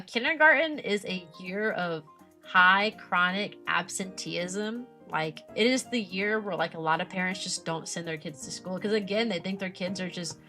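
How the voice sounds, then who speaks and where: A young woman, a streamer who teaches kindergarten, chatting casually and animatedly about her work, often mimicking parents in a higher voice. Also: bright, forceful tone. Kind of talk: casual chat.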